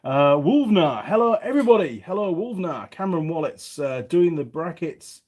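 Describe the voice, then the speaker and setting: This YouTube mechanic channel host, a middle-aged man from England, has a Yorkshire accent that has faded slightly. He reads viewer comments aloud on a casual livestream at a moderate pace, his slightly high voice darkish in tone with lively intonation.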